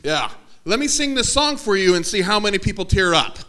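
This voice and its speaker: A man giving a lively workshop talk at a campus ministry event, energetic and joking, laughing often. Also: sits high, fairly quick.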